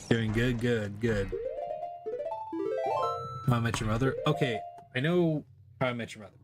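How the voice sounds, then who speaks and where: A man streaming a game, chatting casually in a rambling, profane way and laughing often. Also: on the low side. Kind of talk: casual chat while gaming.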